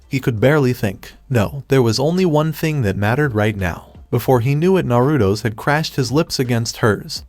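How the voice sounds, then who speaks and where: A man narrating a written story in an even, measured reading. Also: mid-range voice, no echo.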